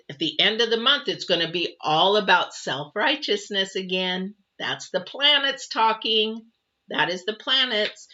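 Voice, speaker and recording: A woman's voice: medium pitch, sharp tone, dull audio, slight background noise. A middle-aged woman hosting a live tarot and astrology reading, speaking earnestly and repeating her points straight to the viewers. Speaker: tarot reader and livestream host.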